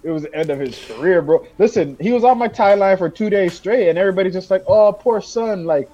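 A man with a high-pitched voice co-hosts a soccer chat show, teasing players in loose, slangy banter. His voice comes through a dull, lo-fi recording. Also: quick pace. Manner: animated, slangy trash talk, says "bro" a lot. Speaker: podcast co-host. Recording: dull lo-fi sound.

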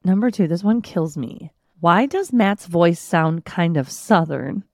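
A woman's voice: fairly low pitch, lively intonation, measured pace, a little mellow, no echo, studio quality. A woman, co-hosting a podcast in casual chat and laughing often. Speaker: podcast co-host.

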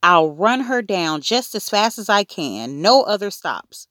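A woman's voice: mid-range voice, sing-song, unhurried, fairly bright tone, dry recording, clean studio sound, pitched above the performer's own voice. A woman voicing a polite, obliging male elevator man who talks in a reassuring way, in a storybook reading.

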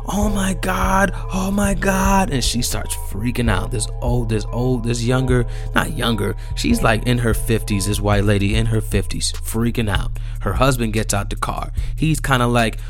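A young man telling a story casually, animated and profane, repeating himself and growing heated. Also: on the low side, moderate pace, hardly any pauses, soft background music.

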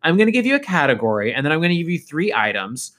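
A man's voice: fairly high pitch, sing-song, fast, fairly bright tone. A man co-hosting a podcast, chatting playfully and saying "like" often. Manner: playful, says "like" a lot. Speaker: podcast co-host. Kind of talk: casual chat.

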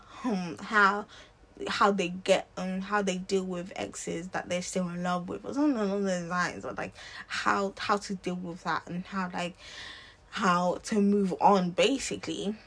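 Impassioned young woman ranting. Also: mid-range voice. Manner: impassioned, rhetorical questions, frequent restarts. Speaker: vlogger. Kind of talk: opinionated to-camera rant.

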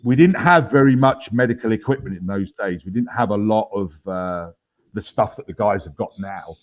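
An army veteran in his fifties, interviewed as a guest, tells his story with a somewhat low voice at a moderate pace. His telling is casual and unpolished, full of ums and restarts, with understated, wry humour.

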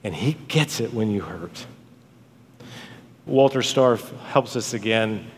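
A man preaching a sermon as a pastor, swinging from dramatic rises to hushed drops on key words. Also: fairly low pitch, lively intonation, slow, husky. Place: church sanctuary. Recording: long hall reverb.

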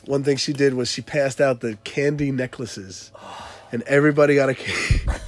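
A man casually recounting a funny party story to a friend, animated and laughing as he tells it. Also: medium pitch, moderate pace. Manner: animated, laughing retelling with quoted voices. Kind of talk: casual chat.

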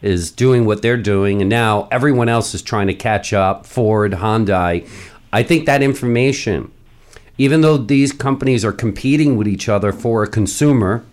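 A man's voice: fairly low pitch, normal speed. A man hosting a podcast, giving his opinions in a conversational way. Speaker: podcast host. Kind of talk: casual interview talk.

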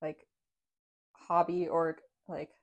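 A woman's voice: low voice, flat delivery, takes it slowly, lo-fi sound. Chatty woman rambling about dance. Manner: rambling, self-correcting, laughs often. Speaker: podcast guest dancer. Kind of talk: casual chat.

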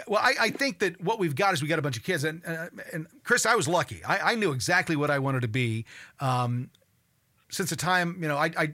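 A man in his sixties hosting a call-in radio talk show, talking in an animated way, stumbling over repeated words and swearing when riled up. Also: on the high side.

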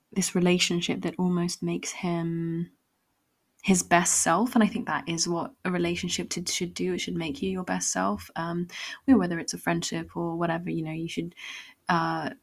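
Woman rambling solo on her podcast, kinda low voice, lots of ums, thinking out loud. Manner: reflective, meandering, with many fillers and restarts. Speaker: podcast host.

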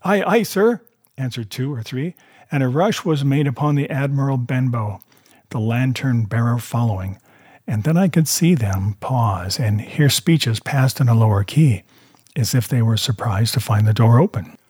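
A man reading a classic adventure novel aloud, telling it in a measured way and voicing the characters. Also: mid-range voice, darkish tone, husky, no echo, clean studio sound. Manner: measured storytelling with voiced characters. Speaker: reader.

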